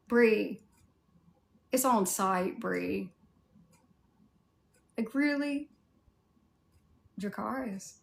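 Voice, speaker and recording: A woman's voice: medium pitch, extremely slow, creaky, pauses often. A woman with a Southern US accent chatting casually on a livestream, answering viewer comments in a candid way with mild swearing. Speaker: cosplay livestreamer.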